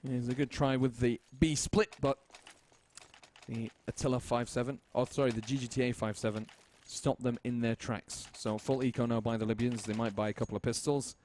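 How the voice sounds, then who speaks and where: A man casting a competitive shooter game match with fast, joking play-by-play commentary. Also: medium pitch, steady tone, darkish tone, a little hiss or hum. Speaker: esports caster.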